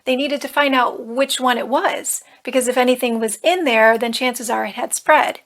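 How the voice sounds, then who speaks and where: Earnest woman telling her story, higher voice. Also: fairly even intonation, moderate pace, a bit bright. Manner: earnest, emotional retelling with nervous humor. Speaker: life coach. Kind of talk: personal storytelling vlog.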